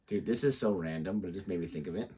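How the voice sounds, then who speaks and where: A man co-hosts a reaction channel in relaxed chat. He rambles through stories and peppers them with filler words. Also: deep voice, fast, slightly rough. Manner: rambling storyteller, lots of "like". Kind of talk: casual chat.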